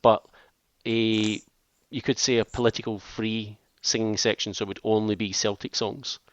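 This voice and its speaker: Man, host, low voice, steers the chat, dry muffled audio. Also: flat delivery, normal speed. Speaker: podcast host. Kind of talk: casual football chat.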